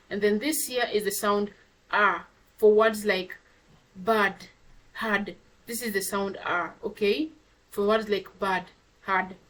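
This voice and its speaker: A woman teaches a class how vowel sounds are pronounced, at an ordinary middle pitch. She is patient and says example words slowly, often more than once. She keeps checking in with her class by asking "okay?". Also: slight background noise, rough recording. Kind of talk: classroom pronunciation lesson.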